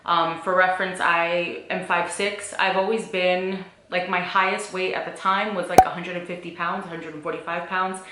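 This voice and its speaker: A woman's voice: fairly low pitch, little pitch movement, normal speed, hardly any pauses, heavy background noise. A young woman talking openly and chattily in a confessional vlog, full of "like" and fillers, sometimes getting emotional. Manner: open, chatty, emotional at times, many fillers like "like". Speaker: vlogger. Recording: echoey room.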